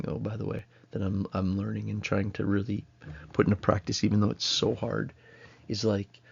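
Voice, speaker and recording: A man's voice: on the low side, gravelly, a little mellow, muffled recording. A man, giving a casual recorded college lecture at home in a rambling, self-interrupting way. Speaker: college instructor.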